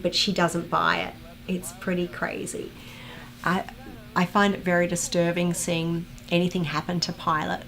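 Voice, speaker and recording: A chatty woman hosting a live watch-along stream, her voice pitched a little low. She talks casually and warmly, breaking off to read viewer comments and greet chatters in a bright, high voice. A faint hiss of background noise sits under the mic. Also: vocal fry.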